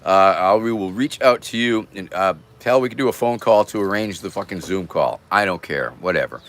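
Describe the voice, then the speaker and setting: A man's voice: sits low, brisk, fairly bright tone, a little hiss or hum. An older man hosting a casual livestream, rambling loosely and irreverently as he thanks viewers by name. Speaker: livestream host. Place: home, near a porch.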